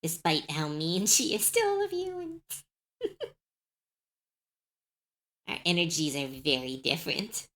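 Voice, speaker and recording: A woman streamer chatting casually on a live stream, musing softly and answering her chat. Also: lowish voice, huge pitch swings, measured pace, long pauses.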